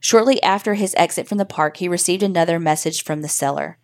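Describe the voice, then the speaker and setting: A woman hosting a podcast, reading a listener's horror story in steady, measured narration. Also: on the low side.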